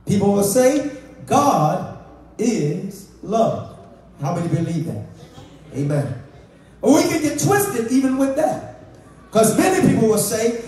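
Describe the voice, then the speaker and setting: A man's voice: high-pitched, big pitch swings, slow pace, pauses often, warm tone. A man preaching a sermon as pastor, asking the congregation for amens. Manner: preaching with call-and-response questions. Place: church sanctuary. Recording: echoey church from far off.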